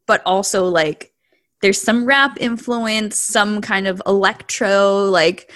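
A woman's voice: medium pitch, slow pace, fairly bright tone, no echo, studio quality. A woman hosting a music podcast, talking in a conversational, explanatory way with many fillers. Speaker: podcast host. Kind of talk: casual podcast chat.

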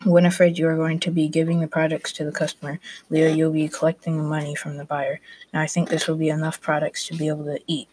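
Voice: medium pitch, monotone, fast talker, a little mellow, slightly rough, no room sound, natural voice, low-quality recording. A student reading as a medieval merchant dad. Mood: instructing. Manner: plain reading with restarts. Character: worried medieval merchant father. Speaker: student reader. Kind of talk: reading a class story aloud.

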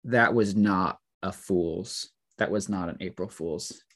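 A man's voice: low voice, takes it slowly. Teasing, rambling male podcast co-host. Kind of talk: casual chat.

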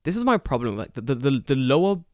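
A man's voice: mid-range voice, fast talker, no room sound, studio quality. A man co-hosting a podcast, ranting casually and swearing a lot. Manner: profane, animated ranting. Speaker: podcast co-host.

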